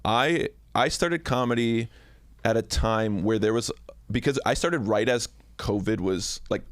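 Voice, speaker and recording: A man's voice: fairly low pitch, a little slow, no echo, clean studio sound. A young man hosting a podcast in casual chat, chatty and self-deprecating. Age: young adult. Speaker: podcast host.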